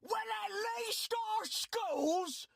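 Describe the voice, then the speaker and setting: A woman voicing a shrill, indignant man, shouting comebacks in a comedy sketch clip. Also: expressive, drawn-out words, creaky, crowd noise, heavily acted.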